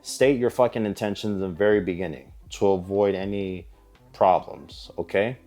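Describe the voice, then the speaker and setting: A man gives dating advice straight to camera in a blunt, emphatic monologue, swearing freely. His voice is low and darkish at a normal speed, with faint music behind him.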